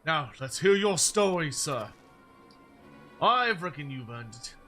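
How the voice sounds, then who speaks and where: A man doing a gruff British miner who haggles. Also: a little high, very animated, slow pace, sharp tone, faint music behind, full character voice. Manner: blunt, dropped consonants, bargaining. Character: gruff working-class male miner NPC, pushy haggler. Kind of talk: voicing game dialogue.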